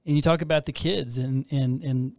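A man's voice: mid-range voice, steady tone, normal speed, a little mellow, no room sound, clean studio sound. A man hosting a casual Christian talk show, who rambles and restarts his sentences often. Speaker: host.

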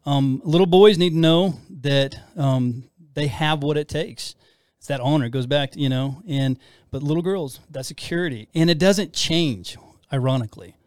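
A man's voice: fairly high pitch, normal speed, darkish tone, no room sound, studio quality. A middle-aged man co-hosting a casual faith-based talk about marriage, rambling and self-deprecating with frequent restarts. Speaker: podcast co-host.

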